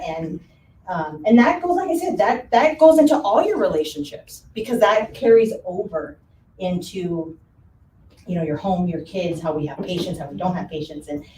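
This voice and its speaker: A woman real estate agent on a panel, telling a story with lively acted-out quotes and easy laughs. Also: on the low side. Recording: roomy, from far off, faint room noise.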